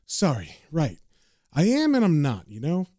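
A man voicing a teasing, affectionate young woman artist from a comic, read aloud in a casual, lightly lowered voice. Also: huge pitch swings, a little slow, mellow, no echo, studio quality.

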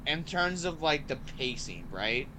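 A man chats casually as a podcast host. His voice is bright and forward. He rambles with eager energy, leaning on "like" and "um" between thoughts. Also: on the high side, a little slow, a little hiss or hum. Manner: excited and rambling, heavy use of "like" and "um". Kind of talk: casual movie review chat.

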